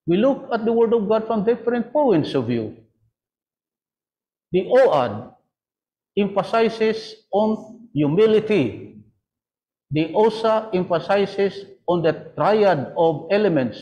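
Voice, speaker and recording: High-voiced priest, lo-fi. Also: male voice, dark tone. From Philippines. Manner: preaching, explanatory, rhetorical questions. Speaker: priest panelist. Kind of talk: answering a question in a panel talk. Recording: dull lo-fi audio.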